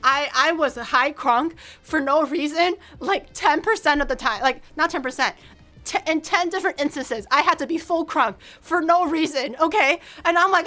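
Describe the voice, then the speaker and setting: A young woman streamer telling a story in animated, casual fashion, swearing freely. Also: high-pitched, fairly quick.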